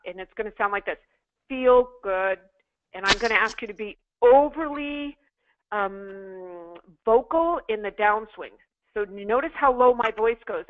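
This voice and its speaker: Woman coaching over a tinny line. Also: mid-range voice. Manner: coaching, emphatic, repeats drills. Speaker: sales trainer. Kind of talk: interactive online class.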